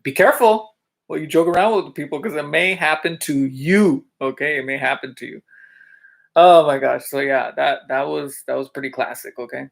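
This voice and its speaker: A man with a gravelly, fry-edged voice who chats to the camera about his days as a teacher. He keeps asking his audience questions, fills gaps with little asides, and keeps breaking into laughter while he tells his stories. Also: a little high, normal speed. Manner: chatty, with many fillers and check-ins to viewers. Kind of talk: casual storytelling vlog.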